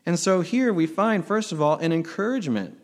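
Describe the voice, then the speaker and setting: A man's voice: high-pitched, expressive, brisk. A middle-aged man, a pastor, preaching a sermon in an earnest, emphatic way, asking rhetorical questions.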